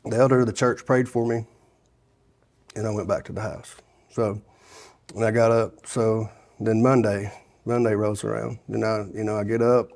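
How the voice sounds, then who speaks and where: A man's voice: fairly low pitch, flat delivery, moderate pace, creaky, pauses often, a little mellow. A middle-aged man, telling his life story in a casual interview, rambling with many restarts and "you know"s. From Sevier County, Tennessee. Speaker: guest sharing his testimony.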